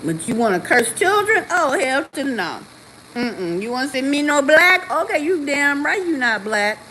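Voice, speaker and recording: A woman hosts a casual livestream, sassy and preachy. Her voice sits a little high. A faint hiss runs under it. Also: big pitch swings, moderate pace, rough recording. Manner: loud, sassy and preachy, with outbursts. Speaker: livestream host.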